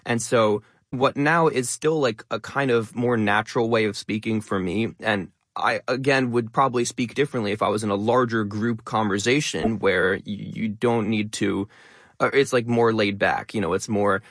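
A young man talking fast and stressing many words as a content creator guest in an interview. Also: lowish voice, fairly bright tone, no room sound, studio quality. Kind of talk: interview conversation.

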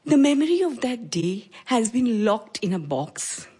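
A woman in her forties with an Indian English accent, telling a personal story in a measured, reflective way with pauses. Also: a little high, big pitch swings, mellow, breathy edge. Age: 40s.

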